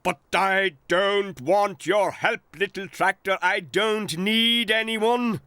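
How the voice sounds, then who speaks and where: A man's voice: medium pitch, big pitch swings, slow, sharp tone, no echo, full character voice. A man voicing a proud, boastful male digger machine in a pompous, self-important manner for a storybook cartoon. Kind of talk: storybook character voice.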